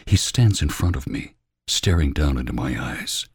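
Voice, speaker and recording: A man reading a romance novel aloud in a slow, hushed narration that often drops to a whisper. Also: very deep voice, expressive, husky, no echo, clean studio sound. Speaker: audiobook reader. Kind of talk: scripted narration.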